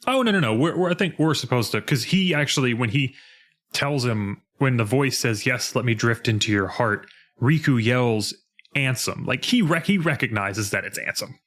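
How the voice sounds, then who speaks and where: A man co-hosting a podcast, chatting casually about a video game and acting out its lines in a lowered voice. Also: normal speed. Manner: animated, acts out character lines in a lowered voice. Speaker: podcast co-host.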